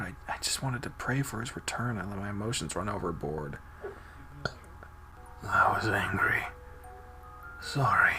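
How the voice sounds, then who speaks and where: A man hosting a let's-play, reading a visual novel aloud with expressive delivery that swings between soft and loud. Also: on the low side, normal speed, pauses often, over loud music. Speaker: game let's-play host.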